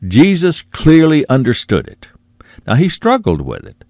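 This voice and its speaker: A man preaching a sermon, earnest, repeating phrases for emphasis and dropping low and quiet on asides to the listener. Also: huge pitch swings, a little slow, no room sound, clean studio sound.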